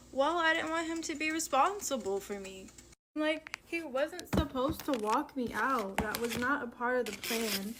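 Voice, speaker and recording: A young woman with a bright, sharp tone tells a dating mishap straight to camera. She talks in casual slang and acts out each person's lines. Faint background noise sits under her voice. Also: sits high. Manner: animated, slangy retelling with quoted dialogue. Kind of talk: storytime vlog.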